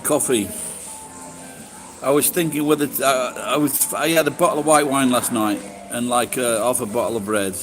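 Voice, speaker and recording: Halting, swearing man chatting live on his channel, with clear music under his voice. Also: medium pitch, low-quality recording. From Sheffield, England. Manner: rambling, halting, swears casually. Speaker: livestream host. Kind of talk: casual livestream chat.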